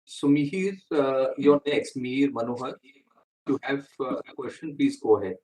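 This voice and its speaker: A man's voice: medium pitch, moderate pace, darkish tone, recorded from a distance, low-quality recording. A man moderating an earnings call, passing the line to analysts with brief, polite hand-offs.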